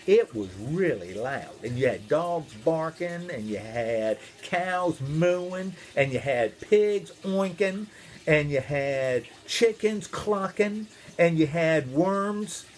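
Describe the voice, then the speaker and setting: Animated minister telling a children's story. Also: male voice, on the high side, slow. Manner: playful and animated, asks the listeners questions.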